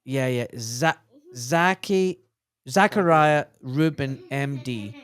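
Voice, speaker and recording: A man's voice: medium pitch, slow, fairly bright tone, clear, resonant tone, no echo. A man in his forties, a doctor and podcast guest, telling stories bluntly and animatedly, swearing freely in casual conversation.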